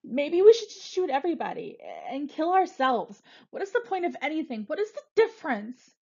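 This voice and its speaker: A woman's voice: mid-range voice, lively intonation, normal speed, darkish tone, dull audio. A woman reading aloud, voicing a frightened, angry teenage boy holding a gun, snapping and close to panic. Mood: panicked. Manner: tense, snapping, edging into panic.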